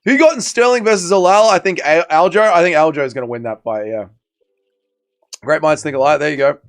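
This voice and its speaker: Tired, hungover streamer. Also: male voice, on the high side, a little fast, clear, resonant tone. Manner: rambling, swearing, slangy banter with chat. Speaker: livestream host. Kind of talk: casual live watch-party chat.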